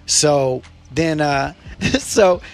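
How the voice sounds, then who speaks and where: A man co-hosting a podcast, telling stories in casual chat, animated and swearing freely. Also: a little high, drawn-out words. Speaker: podcast co-host.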